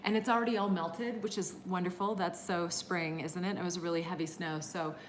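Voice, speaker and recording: A middle-aged woman teaching a live-streamed energy healing class, chatting warmly and greeting viewers by name, with many fillers. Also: lowish voice, fairly even intonation, fairly quick, a little hiss or hum.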